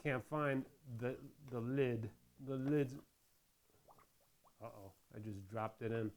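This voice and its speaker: A man's voice: mid-range voice, takes it slowly, darkish tone. A middle-aged man hosting a crafting tutorial, chatting casually and rambling into jokes while he works with his hands. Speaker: crafting channel host.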